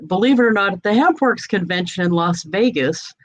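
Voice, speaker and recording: A woman's voice: medium pitch, expressive, a little fast, muffled recording. Chatty woman host from New England. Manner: chatty, laughs often, tells anecdotes. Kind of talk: casual chat.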